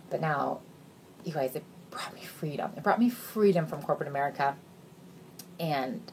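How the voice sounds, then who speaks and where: A woman in her thirties giving an emotional recruitment pitch, earnest and gushing, near tears at times, swinging between excited highs and hushed near-whispers. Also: a little hiss or hum. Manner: earnest and gushing, says "you guys" a lot, voice rising and dropping to near whispers. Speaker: sales recruiter.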